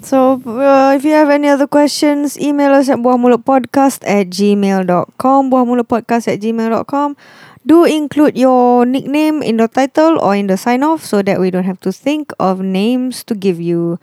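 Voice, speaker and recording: A young woman with a Malaysian English accent, co-hosting a podcast in blunt, animated casual chat, swearing and slipping into Malay. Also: a little high, moderate pace, no room sound, studio quality. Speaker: podcast co-host.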